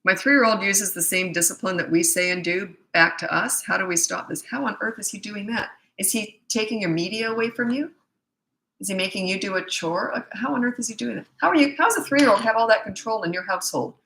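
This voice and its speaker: A woman's voice: mid-range voice, brisk, bright, forceful tone, a little hiss or hum. A middle-aged woman, a parenting coach, bluntly and emphatically answering viewer questions in a live Q&A session. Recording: echoey room.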